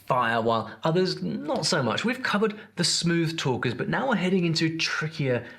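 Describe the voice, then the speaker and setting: A man's voice: a little high, very animated, moderate pace, vocal fry, a bit bright. A man narrating a scripted explainer video in an upbeat, punchy, playful way.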